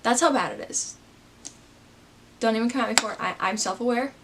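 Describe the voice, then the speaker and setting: A chatty woman in her twenties talks her way through her reading list to camera, rambling into asides and poking fun at herself. Her voice sits a touch high for a woman, with a faint hiss of noise underneath. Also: fairly quick. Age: 20s. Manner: chatty, rambling, self-deprecating. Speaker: book vlogger. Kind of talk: casual chat.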